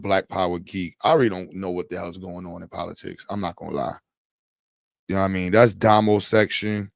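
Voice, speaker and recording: Low-voiced man rambling on a livestream. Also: vocal fry, no echo, studio quality. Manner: rambling, slangy, loose and joking. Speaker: livestream host. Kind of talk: casual live chat with viewers.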